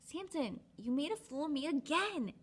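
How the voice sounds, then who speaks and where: Woman putting on a high shrill young woman, scolding, reproachful, calling out. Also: very animated, moderate pace.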